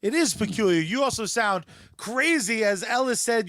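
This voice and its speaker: A man with a high voice co-hosts a casual comic book podcast. He jokes around and rattles off sponsor plugs. The sound is dry and close, with no room around it. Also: lively intonation, fairly bright tone, dry recording. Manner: joking, fast sponsor plugs. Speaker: podcast co-host.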